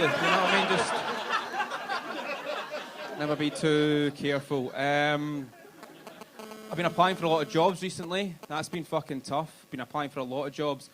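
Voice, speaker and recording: A man's voice: fairly high pitch, normal speed, long pauses, noisy background. A young Glaswegian man doing stand-up in a comedy club, crude and self-mocking, working the crowd. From Scotland.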